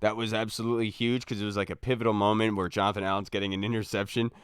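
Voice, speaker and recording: Smooth-voiced man hosting a sports podcast. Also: fairly low pitch, level tone, very fast, dry recording, studio quality. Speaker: podcast host. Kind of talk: casual sports podcast chat.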